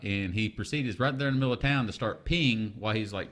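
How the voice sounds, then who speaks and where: A man's voice: lowish voice, fast, hardly any pauses, a bit bright. A young man, co-hosting a podcast and telling a story in casual chat, acting out the voices he quotes. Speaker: podcast co-host.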